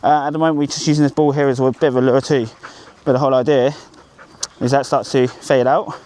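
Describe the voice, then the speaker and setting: A man's voice: medium pitch, little pitch movement, fast talker, warm tone. A man working as a dog trainer, coaching an owner outdoors on a group walk. He is upbeat and encouraging, with sing-song praise for the dog.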